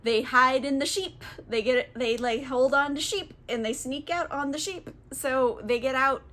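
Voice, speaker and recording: A woman's voice: high voice, unhurried, fairly bright tone. Tipsy giggly woman summarizing a book. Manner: giggly, swears a lot, filler-heavy. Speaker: book channel host.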